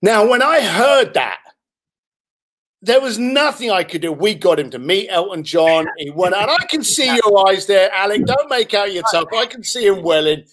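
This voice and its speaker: High, lively man telling stories. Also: moderate pace. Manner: acts out other people's voices while telling stories. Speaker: podcast guest. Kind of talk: animated anecdote telling.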